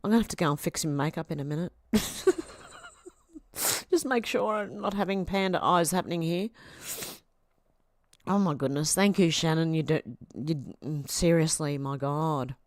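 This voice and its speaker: A woman's voice: sits low, normal speed, pauses often, no echo, clean studio sound. Chatty Australian woman reading viewer comments. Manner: chatty and affectionate, laughs often. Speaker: livestream host. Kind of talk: casual livestream chat, reading out viewer comments.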